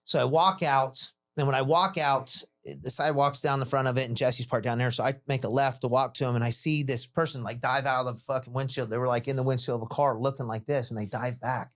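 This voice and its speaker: A man spins a story from his own life in loose, unscripted podcast talk. He swears freely, leans on "like" and "dude", and drops into the voices of the people he quotes. His voice sits at an ordinary middle pitch for a man. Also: fairly even intonation, fairly quick, few pauses, fairly bright tone. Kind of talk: casual storytelling.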